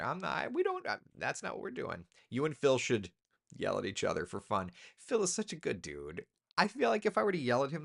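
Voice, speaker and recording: A meteorologist hosts a casual live chat, reading viewer comments and offering his opinions. His voice is creaky with a fairly bright tone, and his pitch swings up sharply whenever he makes a point.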